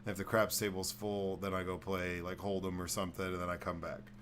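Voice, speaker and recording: A man's voice: low voice, little pitch movement, brisk, fairly bright tone. A young man hosts a loose podcast chat. He rambles through profane stories and slips into voices for the people in them. A faint hiss of noise sits under the recording. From Texas. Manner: rambling storyteller who acts out voices, swears freely. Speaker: podcast host. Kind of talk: casual chat.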